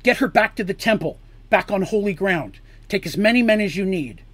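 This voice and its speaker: Brief: man reading as a weary, measured queen. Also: high voice, expressive, fairly bright tone, no echo, voice pushed up. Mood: urgent. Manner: tired, measured. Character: weary, steady woman queen and leader.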